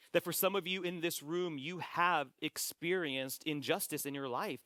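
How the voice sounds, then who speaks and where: Man, pastor, sermon, earnest, repeats himself, slightly higher voice, dry close sound. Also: fairly bright tone, no echo. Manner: earnest, repeats phrases, slows for quoted scripture. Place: church sanctuary.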